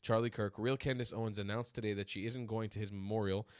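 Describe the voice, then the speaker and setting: A man's voice: on the low side, steady tone, fast talker, no room sound, clean studio sound. A man hosting a political commentary stream, ranting in furious, profane outbursts. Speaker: streamer host.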